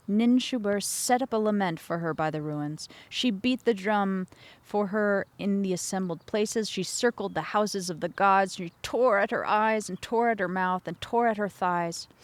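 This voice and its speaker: A woman podcast host reading an old myth aloud and breaking off for chatty asides, correcting her own slips as she goes. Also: mid-range voice.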